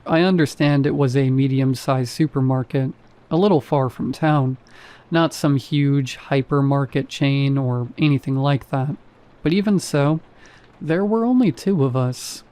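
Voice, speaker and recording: Dude telling a creepy first-person horror story, mellow darkish voice, kinda wry and chatty. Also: male voice, medium pitch, measured pace.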